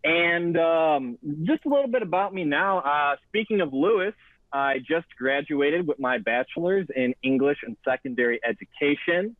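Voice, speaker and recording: A man's voice: on the high side, normal speed, dry recording. Goofy young man on a tinny line. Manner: goofy, energetic, jokey announcer bits. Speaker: guest. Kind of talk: casual chat. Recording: dry tinny phone-like line.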